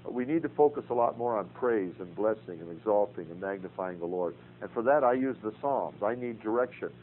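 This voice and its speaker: An older man with a fairly low voice teaches a Bible class in an earnest, folksy way, weaving stories in among scripture quotes. The sound comes through a thin, phone-like radio broadcast. A faint hum runs beneath it.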